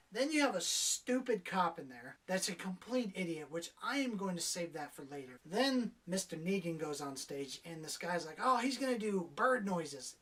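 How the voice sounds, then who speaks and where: A woman's voice: sits low, far from the mic. A young adult woman giving a casual spoiler review of a movie, exasperated and profane, doing mocking impressions of the characters.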